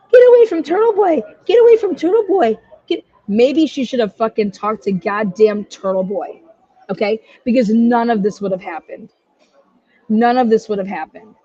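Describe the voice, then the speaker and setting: A woman's voice: medium pitch, darkish tone, no room sound, muffled recording. A woman hosting a true-crime livestream, ranting angrily and swearing heavily as she gives her commentary. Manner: angry, profane ranting. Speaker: livestream host.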